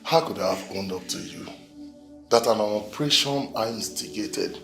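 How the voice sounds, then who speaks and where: An actor playing a guilt-ridden husband confessing past sins in a hushed, remorseful way, with a Nigerian English accent. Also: male voice, on the low side, moderate pace, faint music behind.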